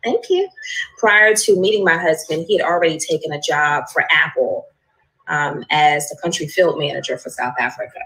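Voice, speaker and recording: A woman speaks on a discussion panel. Her voice sits low for a woman. She talks in a measured way with frequent fillers. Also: expressive, fairly bright tone, rough recording.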